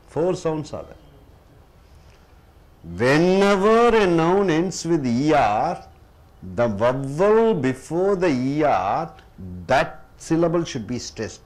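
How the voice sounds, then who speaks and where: A man with an Indian English accent teaching English pronunciation, slowly repeating each word as a drill. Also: a little high, sing-song, a little mellow. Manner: slow, repeats words for drill, addresses listeners as sir. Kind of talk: classroom lesson.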